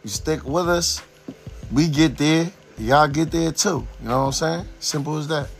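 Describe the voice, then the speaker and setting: A man co-hosts a podcast, cheering the others on in hype, slangy talk. His voice sits slightly high, and faint music plays behind him. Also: moderate pace. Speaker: podcast co-host. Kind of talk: casual podcast chat.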